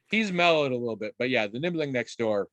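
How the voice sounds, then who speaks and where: An adult man on a podcast in casual chat, telling stories in a rambling, animated way with restarts and the odd swear. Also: medium pitch, moderate pace, dry recording. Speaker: podcast co-host.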